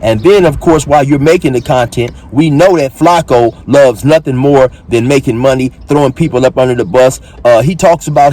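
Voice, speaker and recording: A man's voice: medium pitch, normal speed, hardly any pauses, warm tone. A man hosting his own channel, recapping and mocking a clip in blunt, profane casual commentary.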